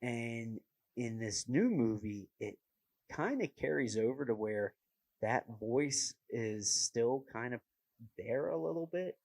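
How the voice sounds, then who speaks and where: A young podcast host chats casually, rambling with self-mocking humor and plenty of fillers. His mid-range voice is animated yet slow, with a darkish tone; the audio is poor but has no echo.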